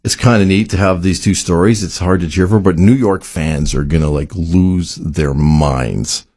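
A man in casual sports chat, animated and quick to laugh. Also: low voice, breathy edge, no echo, clean studio sound. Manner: animated, laughs easily, acts out players' voices.

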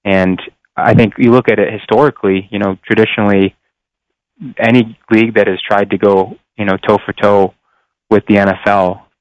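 A man's voice: fairly low pitch, flat delivery, moderate pace, dry recording. A young adult man, a pro football player, answering radio interview questions earnestly while searching for words. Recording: dull lo-fi line.

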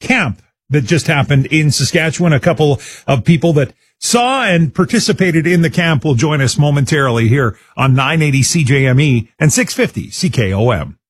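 A man's voice: a little high, lively intonation, moderate pace, breathy edge. A man hosting a radio talk show, steering the conversation in a friendly way. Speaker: radio host.

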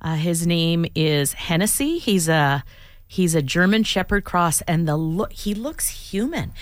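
A woman's voice: on the low side, animated, measured pace, no echo, clean studio sound. A woman co-hosting a morning radio show in casual, chatty talk. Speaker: radio co-host.

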